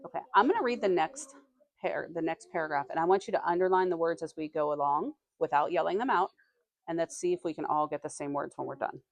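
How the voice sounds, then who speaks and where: A woman with a deep voice teaches a classroom reading lesson, recorded with no echo. She reads passages aloud slowly and pauses to quiz her students.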